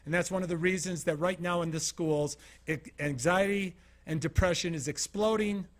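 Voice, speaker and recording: A motivational keynote speaker from Utah gives an informal talk to a small studio audience at a moderate pace, his voice on the high side. He's an animated storyteller who tells his stories with energy and keeps putting direct questions to listeners.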